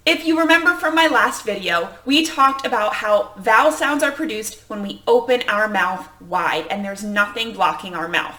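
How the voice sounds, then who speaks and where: Upbeat woman teacher with a bright voice. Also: fairly high pitch, expressive, a little fast, hardly any pauses, reverberant. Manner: upbeat, explanatory, enthusiastic. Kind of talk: online phonics lesson.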